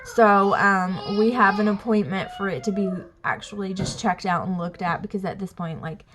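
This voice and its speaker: A woman's voice: medium pitch, moderate pace. Young southern mom from alabama rambling to her camera, full of y'all and like, faint noise behind. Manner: chatty, rambling, says y'all and like a lot. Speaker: family vlogger. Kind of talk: casual chat to camera. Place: home, near kids in the bath.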